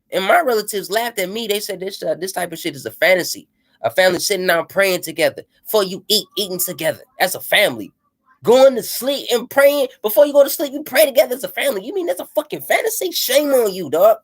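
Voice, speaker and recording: Profane, fired-up man ranting. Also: high-pitched. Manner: profane, emphatic, preachy; repeats "you know what I'm saying". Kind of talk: impassioned rant.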